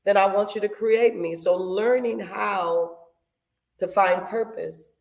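Gravelly woman sharing faith testimony. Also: mid-range voice, takes it slowly. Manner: lively testimony, preachy, acts out her own prayers. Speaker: podcast co-host. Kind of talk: casual faith podcast talk.

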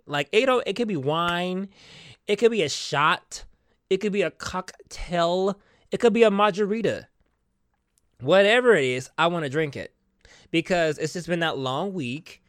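A woman's voice: fairly low pitch, no echo, clean studio sound. Exasperated, swearing young woman ranting. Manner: exasperated, profane, swings between loud and quiet; rhetorical questions to the audience. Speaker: vlogger. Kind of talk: casual comedic rant to camera.

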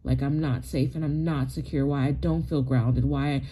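A woman's voice: rumbling low, steady tone, moderate pace, dark tone, breathy edge. A woman in her forties, tearful and close to crying, telling a rambling personal story with many likes and you knows. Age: 40s. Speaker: spiritual wellness vlogger.

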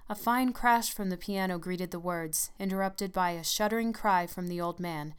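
Smooth-voiced woman reading a story. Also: fairly low pitch, moderate pace. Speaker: narrator.

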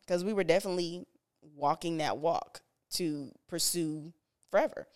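A woman's voice: lowish voice, fairly even intonation, normal speed, a little mellow. A woman co-hosting a podcast, telling a personal story in an earnest, direct, conversational way. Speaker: podcast co-host.

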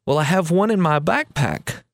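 A man's voice: on the high side, animated, moderate pace, no echo. A man voicing a six-year-old schoolboy in a told story, answering plainly. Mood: matter-of-fact. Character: six-year-old boy, simple and earnest.

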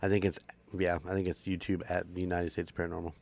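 Low-voiced upbeat male podcast host. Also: monotone, fast, vocal fry, darkish tone. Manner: upbeat, rambling, laughs often. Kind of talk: casual podcast outro chat.

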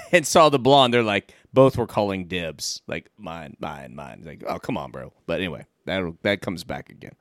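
A man's voice: on the low side, sing-song, moderate pace, hardly any pauses, fairly bright tone, dry recording. A man co-hosting a movie podcast, joking loosely and laughing often at his own riffs. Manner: jokey, laughs often, riffs with crude puns. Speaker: podcast co-host. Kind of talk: casual movie chat.

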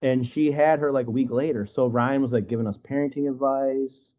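A man from Wisconsin spins a loose, casual story on a video call, full of likes and you-knows, slipping into the voices of the people he quotes. His voice sits at an ordinary middle pitch, and the call audio sounds a little dull. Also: steady tone, brisk. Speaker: guest artist.

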